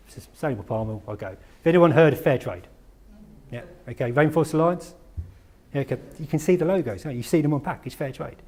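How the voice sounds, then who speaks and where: In a conference room, a man gives a chatty, conversational presentation, quizzing the audience and making self-deprecating jokes. His voice is medium-pitched and a little mellow.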